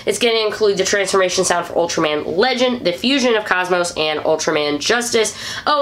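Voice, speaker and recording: A woman from St. Louis runs through the week's fan news in a casual vlog. She is chatty and upbeat, with excited whoops, and her voice sits at an ordinary pitch for a woman. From St. Louis, USA. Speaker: host of a weekly fan news show.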